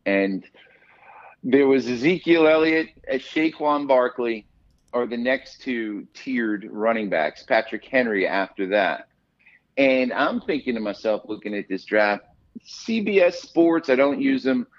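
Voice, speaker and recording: A man who is a guest on a podcast, telling stories in lively casual chat with plenty of swearing. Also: medium pitch, normal speed, muffled recording. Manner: animated, profane storyteller.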